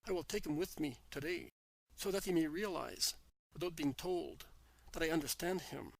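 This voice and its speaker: Jesus, read by a man, calm and gravelly. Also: on the high side, no room sound, rough recording. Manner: measured, solemn. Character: calm, gentle grown man teacher, Jesus.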